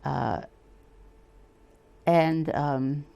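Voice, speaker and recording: An older woman novelist in a casual interview, telling stories in a lively way and acting out the voices of the people in them. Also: sits low, extremely slow, gravelly. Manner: animated storyteller, acts out quoted voices. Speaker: novelist guest.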